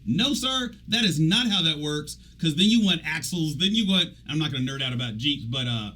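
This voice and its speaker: A man's voice: on the high side, animated, a little fast, hardly any pauses, pushed and bright, rough recording. A man hosting a radio talk show as an executive coach, talking casually and animatedly, often trailing off and restarting. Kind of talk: casual conversational interview.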